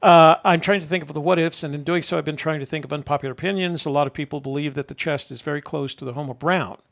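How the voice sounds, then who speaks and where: Older new guy with a gravelly voice, rambling and chuckling as he chats. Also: fairly high pitch, steady tone, fast talker, fairly bright tone. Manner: rambling storyteller, chuckles at himself. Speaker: show host. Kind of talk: casual chat.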